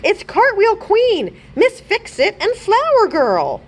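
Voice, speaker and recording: A woman's voice: medium pitch, wildly swooping pitch, slow pace, a little hiss or hum. A woman playing a fussy goat-masked hero. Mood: excited.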